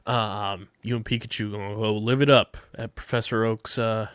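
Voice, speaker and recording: A man's voice: on the low side, steady tone, moderate pace, a bit bright, clear, resonant tone, dry recording, clean studio sound. A man hosting a casual podcast, running through news and a sponsor read with plenty of fillers. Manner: conversational, filler-heavy. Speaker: podcast host.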